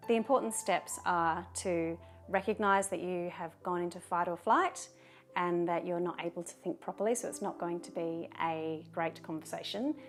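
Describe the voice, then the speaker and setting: A woman with a fairly low voice speaks straight to camera in a calm, measured advice talk. Soft music plays faintly underneath. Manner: calm, measured, firm on repeated commands. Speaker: advice video host.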